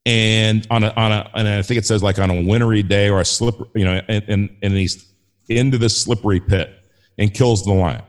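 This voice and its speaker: Man, fairly low voice, podcast guest, enthusiastic, rambling, restarts often. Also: fairly even intonation, normal speed. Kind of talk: casual faith conversation.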